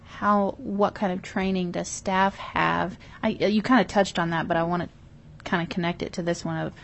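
A woman's voice: fairly low pitch, fairly even intonation, normal speed, gravelly, slight background noise. A woman legislator questioning a witness at a committee hearing, hesitant and restarting her questions. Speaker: state legislator asking questions.

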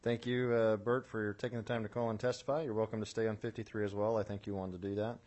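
A man chairing a public hearing, brisk and procedural, calling on callers in a friendly way. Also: fairly low pitch, level tone, darkish tone. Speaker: committee chair.

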